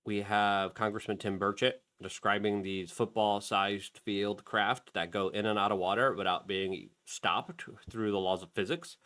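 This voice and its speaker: A man's voice: on the low side, fairly even intonation, a little slow, few pauses, fairly bright tone. A middle-aged man hosting a talk show, commenting on a clip with heated, emphatic bursts. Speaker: show host.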